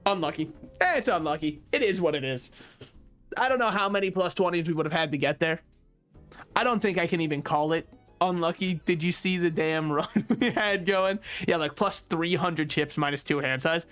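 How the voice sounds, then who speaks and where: Joking gaming host man, slightly high voice. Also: normal speed, fairly bright tone, soft background music. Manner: joking, self-deprecating, talks to the game. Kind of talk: casual gameplay commentary.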